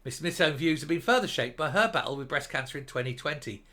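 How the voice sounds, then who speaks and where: Sarcastic ranting man, bright voice. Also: a little high, lively intonation, quick pace. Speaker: commentary vlogger. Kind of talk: opinionated commentary on a news article.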